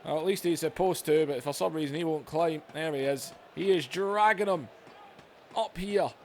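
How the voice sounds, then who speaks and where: A man giving excitable play-by-play commentary over a video game, going from low chatter to yelling. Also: moderate pace, a little hiss or hum. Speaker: gaming channel host.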